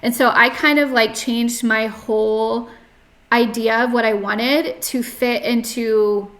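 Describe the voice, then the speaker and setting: Brief: young woman guest, rambly, restarting talk, slightly high voice. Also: steady tone, slow, a bit bright. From North Carolina. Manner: chatty, many fillers and restarts, frequent "like". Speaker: podcast guest. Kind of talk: casual interview, personal story.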